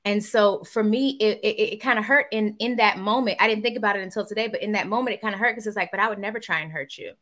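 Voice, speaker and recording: A woman co-hosting a podcast, telling a frank, animated story about a misunderstanding with her friend. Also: mid-range voice, quick pace, hardly any pauses. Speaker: podcast co-host. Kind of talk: casual chat.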